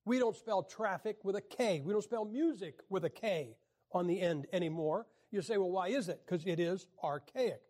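A man teaching a class on the Bible in a wry, joking lecture style, often clearing his throat. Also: high voice, lively intonation, moderate pace, a little mellow.

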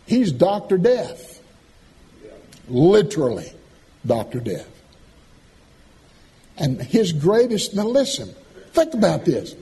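A man preaching a sermon, folksy and animated, swinging from loud calls to soft asides. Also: high-pitched, takes it slowly, pauses often.

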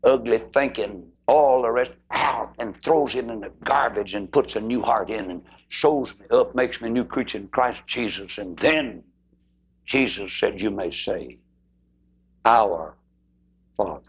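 A man preaching an impassioned sermon, swinging his voice high and low and acting out the people in his stories. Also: normal speed, slightly rough, highs cut off.

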